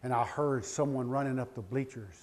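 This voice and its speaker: A middle-aged public speaker delivers a speech built around a personal story, swinging dramatically and heartfelt between booming and hushed moments at a normal pace.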